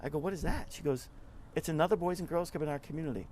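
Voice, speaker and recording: A middle-aged man, a nonprofit club leader, giving a casual interview and telling stories in a lively way, often acting out what people said. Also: on the high side, very fast, a little hiss or hum. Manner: chatty, animated storyteller who acts out quotes.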